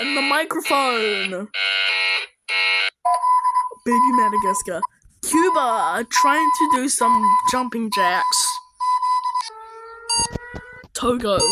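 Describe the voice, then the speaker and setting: Casting: high, lively, slow-talking woman reactor, excitable, noisy recording. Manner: excitable, exclaiming and talking to the screen. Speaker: comedian reacting to videos. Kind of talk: casual reaction commentary. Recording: loud background noise.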